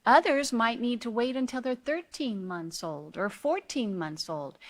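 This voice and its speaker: A woman's voice: on the high side, lively intonation, unhurried. A woman teaching a character education training course, earnestly walking parents through guidelines and asking them questions along the way. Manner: earnest, asks the listener rhetorical questions.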